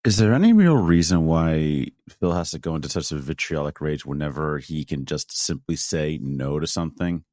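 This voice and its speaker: A man sending a voice message with a fast, indignant, swearing rant. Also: extremely low pitch, animated, a little mellow, no echo, clean studio sound. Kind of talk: heated rant.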